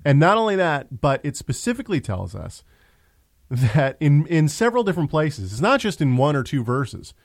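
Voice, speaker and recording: A man's voice: fairly high pitch, very animated, moderate pace, dry recording. A man hosting a casual religious discussion show, talking in a conversational way with frequent restarts. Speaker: host.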